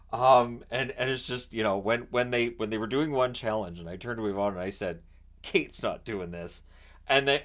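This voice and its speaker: A man from Canada chatting casually about a reality show he watches, animated and often restarting his sentences. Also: mid-range voice. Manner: animated, acts out quotes in raised voice; repeats and restarts words often. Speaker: vlogger. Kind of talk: casual chat.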